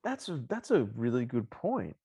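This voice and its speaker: Enthusiastic male co-host, animated pitch, rambles with fillers. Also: normal speed, creaky, husky. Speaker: podcast co-host. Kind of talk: casual chat.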